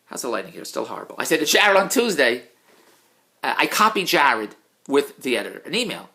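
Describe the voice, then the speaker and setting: A middle-aged man in a casual, self-mocking rant, swinging between low mutters and loud outbursts. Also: big pitch swings, fairly quick. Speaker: vlogger, TV producer. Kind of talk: casual ranting monologue.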